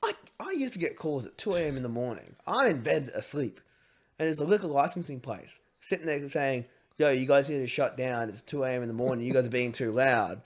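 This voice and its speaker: A young man, hosting a podcast and telling a story in a casual way, swearing freely and acting out shouted quotes. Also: medium pitch, expressive, fairly quick. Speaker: podcast host.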